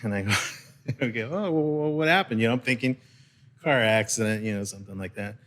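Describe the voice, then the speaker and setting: Bright-voiced man telling a road story. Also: mid-range voice, a little fast. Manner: animated storyteller, laughs often, acts out quotes. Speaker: host. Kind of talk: casual storytelling chat. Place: intimate live venue.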